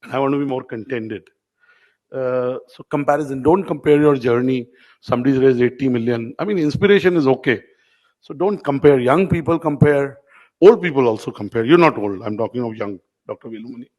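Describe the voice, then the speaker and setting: Man, middle-aged, conversational keynote speaker, mid pitch. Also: fairly quick, a little mellow, low-quality recording. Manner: conversational, anecdotal, addresses audience members by name. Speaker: media company owner addressing award winners. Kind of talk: informal keynote speech. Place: event hall.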